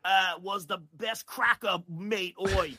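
A man putting on an exaggerated, brash Australian bloke who keeps shouting "oi" and "mate". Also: sits high, steady tone, a little hiss or hum, pitched above the performer's own voice, exaggerated voice. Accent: mock Australian. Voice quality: bellowing, drawn-out "oi"s.

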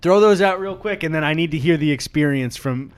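A man's voice: fairly high pitch, a little fast, smooth. A young man co-hosting a podcast who laughs often and narrates the action play by play. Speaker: podcast co-host. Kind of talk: casual chat.

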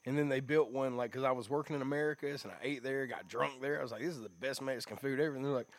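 A man's voice: mid-range voice, very fast, no room sound. Man, from Georgia, wisecracking, swears, dry close sound. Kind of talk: casual chat.

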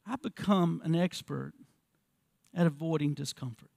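A man in his fifties with a fairly high voice delivers an earnest church sermon. He asks the congregation rhetorical questions and often repeats words as he goes. The sound is dry and close, with almost no room echo. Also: moderate pace, vocal fry, darkish tone. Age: 50s. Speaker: pastor.

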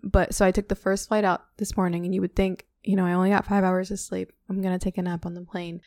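Gravelly-voiced woman chatting. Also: on the low side, level tone, fast, darkish tone, dry recording, studio quality. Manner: chatty, storytelling about her week. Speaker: podcast co-host. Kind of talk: casual chat.

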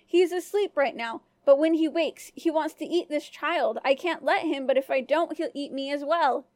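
A woman's voice: high voice, moderate pace, no room sound, close to an everyday voice. A woman voicing a desperate young mother in a folk tale, her voice strained and pleading.

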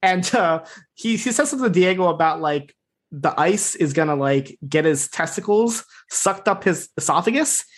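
A man's voice: sits high, lively intonation, normal speed. A man co-hosting a podcast, casually recapping a TV episode in a rambling, filler-heavy way and swearing freely. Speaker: podcast co-host.

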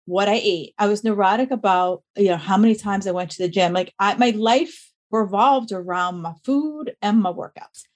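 A woman guest on a podcast, telling personal stories in an animated, self-mocking way. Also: mid-range voice, moderate pace, hardly any pauses. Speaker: podcast guest, fitness business owner. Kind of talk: casual interview storytelling.

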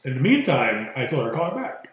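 A man's voice: medium pitch, very animated, fast. A man co-hosting a podcast with laid-back, teasing banter. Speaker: podcast co-host. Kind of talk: casual chat. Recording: very echoey room.

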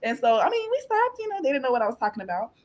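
A woman guest on a podcast, sharing a personal faith testimony in an animated, laughing, tearful storytelling way. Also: high-pitched, very fast. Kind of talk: testimony in casual chat.

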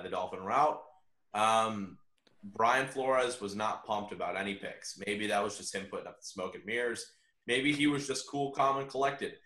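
A man chatting casually on a sports podcast, rambling with halting restarts. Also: on the low side, fairly bright tone, reverberant. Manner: rambling, halting, with many fillers. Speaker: podcast co-host.

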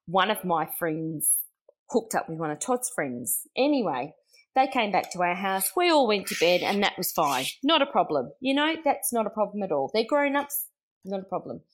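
A middle-aged Australian woman spins family stories in a loose, chatty way. She laughs as she goes, trails off into fillers and slips into little impressions of the people she quotes. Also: lowish voice. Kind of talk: casual anecdotal storytelling.

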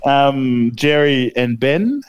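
A man's voice: mid-range voice, lively intonation, slow, muffled recording, a little hiss or hum. A young Australian man casually telling a long story on a podcast, swearing a lot and using many fillers. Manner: laid-back storytelling, heavy swearing, lots of fillers. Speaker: podcast co-host. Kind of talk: casual chat.

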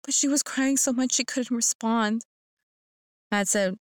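A woman's voice: a little high, measured pace, no echo. A woman narrating a first-person horror story in a tense, earnest manner.

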